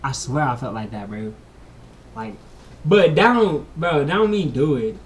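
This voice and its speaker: A vlogger telling a story in slangy casual chat, saying "bro" a lot, moving between mumbled asides and loud excited bursts. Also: mid-range voice, measured pace, far from the mic. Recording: echoey room, voice from off the mic, faint hiss.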